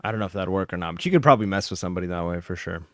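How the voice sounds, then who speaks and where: A man co-hosts a casual podcast, talking fast as he jokes and hands out practical advice. His voice is recorded dry and close to the mic. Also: sits low, animated, no room sound. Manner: quick, joking, advice-giving. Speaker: podcast co-host.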